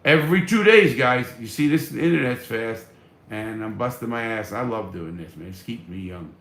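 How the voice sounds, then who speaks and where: A man's voice: mid-range voice, animated, moderate pace, fairly bright tone, echoey room, slight background noise. A man hosting a casual live stream, reading viewer comments and answering in a blunt, profane, fired-up way.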